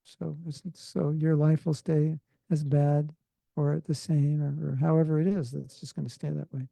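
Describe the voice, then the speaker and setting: A Californian man teaches a devotional class in an easygoing, conversational way, dropping joking asides. His voice sits a little high but sounds dark and mellow, with a rough, gravelly texture. The sound is dry and close, with little room echo. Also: little pitch movement, normal speed. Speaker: spiritual teacher.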